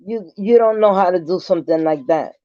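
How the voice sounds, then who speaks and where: A man's voice: high-pitched, brisk, dark tone, no room sound. A man vlogging an angry, profane rant straight to the camera, repeating himself as he confronts someone. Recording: dull lo-fi sound.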